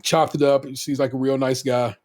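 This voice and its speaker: A man's voice: medium pitch, little pitch movement, fairly quick, a little mellow. A middle-aged man co-hosting a podcast, telling stories about his family in a loose, rambling way with frequent restarts and casual swearing. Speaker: podcast co-host.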